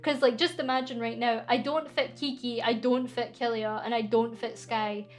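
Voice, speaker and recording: A woman's voice: on the high side, steady tone, normal speed. A young Scottish woman streaming, chatty and giggly as she reads viewer questions aloud and answers them. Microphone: studio microphone.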